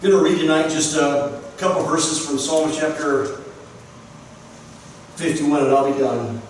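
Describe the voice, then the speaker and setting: A man's voice: fairly high pitch, fairly even intonation, measured pace, long pauses. A man preaching a sermon in a church, retelling scripture with earnest, emphatic repetition. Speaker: pastor. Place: church sanctuary. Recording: echoey church, distant mic, faint hiss.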